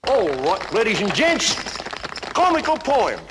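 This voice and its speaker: A man's voice: high voice, wildly swooping pitch, unhurried, background noise, heavily acted. An actor playing a cheery chimney sweep street performer in a 1960s musical film, with a put-on Cockney accent and bouncy showman's patter. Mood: jaunty. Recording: old film soundtrack with loud music.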